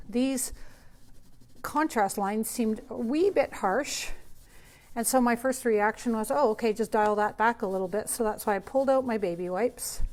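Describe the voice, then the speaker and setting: A woman painter hosting a live open studio, chatting and thinking aloud as she demonstrates her process. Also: fairly high pitch.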